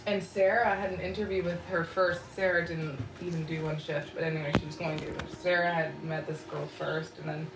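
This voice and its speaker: A woman's voice: low-pitched, little pitch movement, a little fast, hardly any pauses, background noise. Chatty young woman, far-off echoey mic. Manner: gossipy, fills speech with "like". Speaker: podcast host. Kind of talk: casual storytelling chat.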